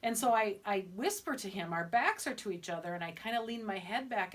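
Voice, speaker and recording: Brief: woman, middle-aged, chatty co-host, lively storyteller. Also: medium pitch, a little fast. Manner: animated, vivid retelling. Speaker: podcast co-host. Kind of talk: casual storytelling.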